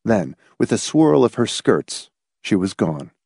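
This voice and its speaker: Male narrator, suspenseful audiobook read, very lively pitch, dry close sound. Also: unhurried, gravelly, husky, no room sound. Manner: dramatic, suspenseful storytelling.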